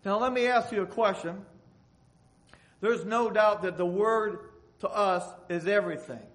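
A man's voice: high-pitched, unhurried, fairly bright tone. A man preaching a sermon, reading Bible passages aloud and asking the congregation for an amen. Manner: reads scripture aloud in old-fashioned phrasing.

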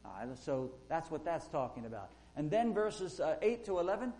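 A man preaching a sermon, fervent and rising loud when he quotes, with frequent fillers. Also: a little high, big pitch swings, moderate pace, poor audio.

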